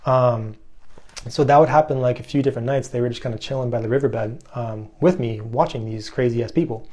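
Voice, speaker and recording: A man telling a rambling, excitable story in casual speech, full of fillers and restarts. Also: mid-range voice. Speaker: fasting vlogger.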